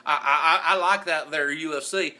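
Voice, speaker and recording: A man's voice: a little high, steady tone, moderate pace, sharp tone, voice pushed up. A man voicing a huge, good-natured country man with a Southern accent, in a hearty drawl. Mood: enthusiastic.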